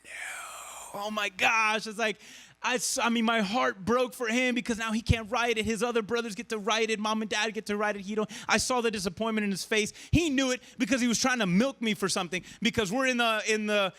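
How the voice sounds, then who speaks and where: A man's voice: high-pitched, fast talker, hardly any pauses. A man preaching a casual, conversational sermon with lots of energy, often checking in with "right?". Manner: energetic and conversational, keeps asking the crowd "right?". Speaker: pastor.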